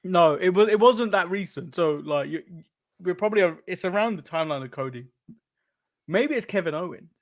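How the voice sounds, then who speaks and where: A man's voice: high voice, lively intonation, fairly quick. An English man co-hosting a wrestling podcast, chatting casually, laughing often and restarting his sentences. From England. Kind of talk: casual chat.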